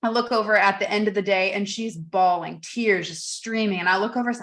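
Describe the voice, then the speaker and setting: A woman's voice: medium pitch, fairly even intonation, a little fast, a bit bright. A woman hosting a podcast in a candid, loose way, now and then swearing casually. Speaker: podcast host.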